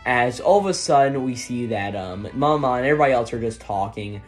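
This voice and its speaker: A man of middle pitch talks through a manga chapter in a loose, rambling way, full of fillers and tagged questions. His voice sits in a plain middle register. Faint music plays softly in the background. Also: lively intonation, a little fast. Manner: rambling, filler-heavy, tags lines with "right?". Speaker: manga reviewer. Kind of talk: casual chapter recap.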